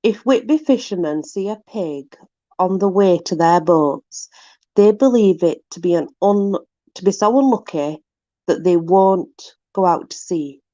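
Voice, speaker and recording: A woman's voice: fairly low pitch, lively intonation, a little slow, mellow, no room sound, highs cut off. A woman with a Yorkshire accent, casually reading old sayings aloud and bemused by them. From Yorkshire, England. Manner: amused, bemused, often laughing. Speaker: vlogger.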